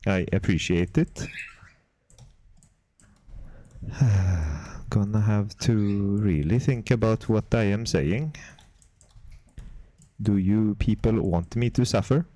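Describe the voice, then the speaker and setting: A fairly low-voiced man chats slowly with his stream audience, answering viewer messages between stretches of art work. He puts on a deliberately terrible Swedish accent the whole time. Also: dark tone, no room sound. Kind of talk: casual livestream chat while making game art.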